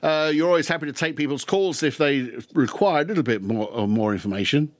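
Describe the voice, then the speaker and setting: A man's voice: a little high, brisk, dry recording. A man hosting a radio interview, chatty and jokey, stumbling and restarting as he talks. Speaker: radio host. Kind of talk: casual radio interview chat.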